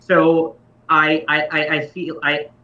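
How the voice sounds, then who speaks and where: In a convention room, a game master explains how he runs tabletop games in a relaxed, reflective talk, pausing to correct himself. His voice is a little high, monotone and slow. The sound comes across echoey, far off and muffled.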